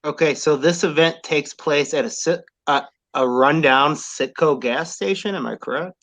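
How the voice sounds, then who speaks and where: A man's voice: on the high side, normal speed, fairly bright tone. A man hosting a comedy podcast in a brash, profane, needling way. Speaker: podcast host. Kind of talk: casual comedic chat.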